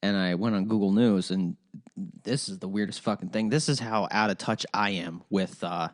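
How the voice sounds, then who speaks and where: A man's voice: on the low side, fairly even intonation, moderate pace. A man hosting a solo podcast, ranting in a rambling, profane way with frequent restarts. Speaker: podcast host.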